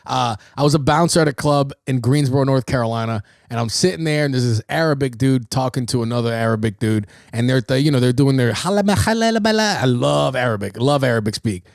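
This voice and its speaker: A man's voice: medium pitch, fast, gravelly, few pauses, no room sound, studio quality. A young man hosting his own livestream podcast, talking casually and swearing freely as he tells stories. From New York City. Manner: animated storyteller, swearing freely. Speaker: podcast host.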